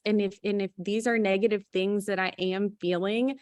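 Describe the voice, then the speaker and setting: A woman's voice: mid-range voice, steady tone, moderate pace, a little mellow, no room sound. Woman, motivational host, emphatic, dry close sound. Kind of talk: motivational talk.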